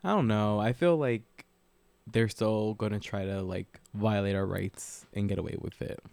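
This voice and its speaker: A fairly low-voiced man chatting casually on a podcast, hesitant and noncommittal. His voice is smooth and clear, and the recording is dry and close. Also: fairly even intonation, normal speed, a little mellow, no room sound. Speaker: podcast co-host. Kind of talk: casual chat.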